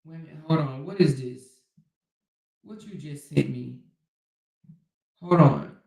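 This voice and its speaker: A woman's voice: low voice, measured pace, vocal fry, warm tone, far from the mic. A woman hosts a livestream, talking bluntly and sassily, swearing freely and calling listeners honey and child. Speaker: livestream host. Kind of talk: casual livestream commentary. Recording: echoey room, off mic.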